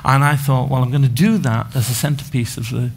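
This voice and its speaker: A man's voice: mid-range voice, fairly even intonation, brisk, creaky, slightly rough. A man giving a conference talk as a book author, explaining with many restarts and fillers.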